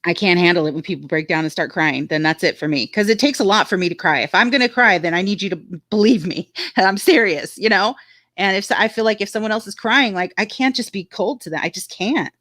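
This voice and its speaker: A woman's voice: medium pitch, a little fast, fairly bright tone, no room sound, studio quality. A woman casually chatting on a livestream, frank and talkative, reading viewer comments aloud. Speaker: livestream co-host reading chat.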